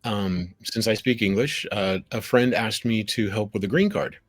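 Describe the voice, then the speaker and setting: A man speaking as a guest on a video call, animated and storytelling, acting out the people he quotes. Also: on the low side, moderate pace, no room sound. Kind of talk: conversational storytelling.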